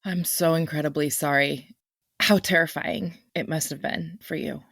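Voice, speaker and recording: Woman, very low voice, gravelly and husky, soft and sympathetic. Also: steady tone, moderate pace, no echo, clean studio sound.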